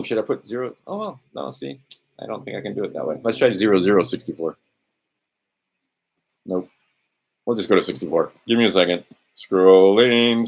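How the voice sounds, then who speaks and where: A livestream host wanders through his thoughts, talking to himself as he scrolls documents, blunt and casual with the odd swear word. His voice sits low, with vocal fry and a breathy edge.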